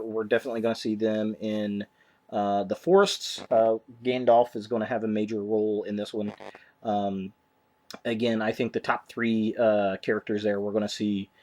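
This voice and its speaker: A man giving a casual, rambling movie news update as a vlogger, full of ums and restarts. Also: fairly low pitch.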